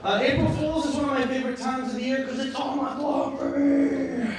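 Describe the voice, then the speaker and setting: A man doing a stand-up routine on a comedy club stage, rambling, repeating himself and bursting into shouted punchlines. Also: very high-pitched, steady tone, fairly quick, crowd noise. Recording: echoey club, distant mic, audience noise.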